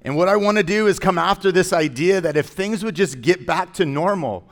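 A man's voice: high voice, brisk. Emphatic man preaching a sermon. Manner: conversational, joking asides, rising to emphatic preaching. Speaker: pastor.

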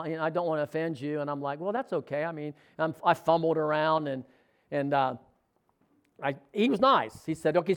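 Preacher, male, high-pitched, animated storyteller voicing quoted lines, casual sermon delivery. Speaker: pastor.

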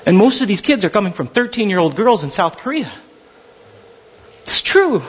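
A man's voice: high-pitched, very animated, normal speed, pauses often, slightly rough, highs cut off. A male pastor delivering an impassioned, conversational sermon with emphatic delivery.

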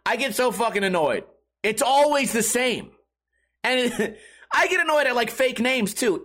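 A man's voice: sits high, normal speed, a bit bright. A middle-aged man hosting a podcast and ranting casually, profane and sarcastic. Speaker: podcast host.

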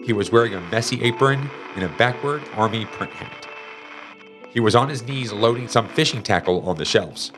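A man reading a children's storybook aloud in an expressive, animated way. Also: mid-range voice, moderate pace, music in the background. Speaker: narrator.

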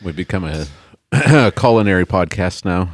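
Male host, low voice, easygoing and amused. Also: expressive, moderate pace, no echo. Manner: laughs often, bemused reactions. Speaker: podcast host. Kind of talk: casual chat.

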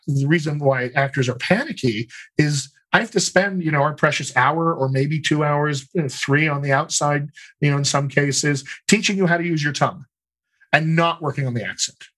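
Animated man explaining as a dialect coach. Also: a little high, normal speed, rough recording. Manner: explanatory, animated, laughs easily. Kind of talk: conversational interview answers.

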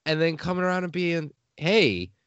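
A man hosting a casual podcast, talking in an animated way and laughing often. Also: a little high, normal speed, no room sound, lo-fi sound. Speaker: podcast host.

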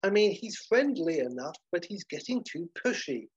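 A man's voice: high-pitched, big pitch swings, normal speed, husky, no room sound, highs cut off, voice pushed up, full character voice. A man voicing prim, gossiping elderly ladies who are over sixty. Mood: gossipy.

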